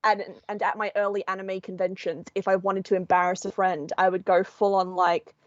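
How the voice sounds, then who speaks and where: A woman's voice: medium pitch, brisk, dry recording. Chatty Australian woman, dry dull audio. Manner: animated storyteller, acts out voices. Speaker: podcast co-host. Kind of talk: casual chat.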